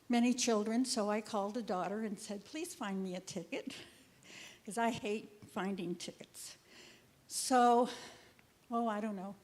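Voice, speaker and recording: An older woman tells a personal story of giving to a congregation. Her voice is fairly high and her pace is slow, and she chats along with laughter and asides. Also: darkish tone. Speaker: congregation member. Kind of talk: personal testimony.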